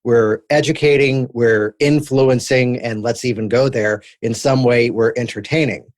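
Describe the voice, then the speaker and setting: A man hosting a podcast, explaining his points in a measured, list-building way. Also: mid-range voice, steady tone. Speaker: podcast host. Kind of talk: podcast interview.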